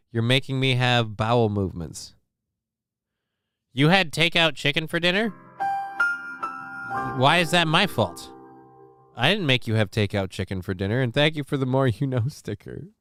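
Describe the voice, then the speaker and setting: Smooth-voiced joking man hosting a livestream. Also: medium pitch, pushed and bright, no room sound, studio quality. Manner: loose, profane and joking. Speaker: livestream show host. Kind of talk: casual livestream chat, reading viewer comments.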